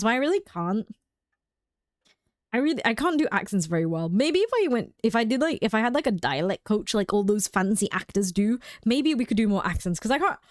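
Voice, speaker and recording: A woman's voice: medium pitch, dry recording, clean studio sound. A young adult woman streaming a game live, rambling and chatting casually with frequent laughs.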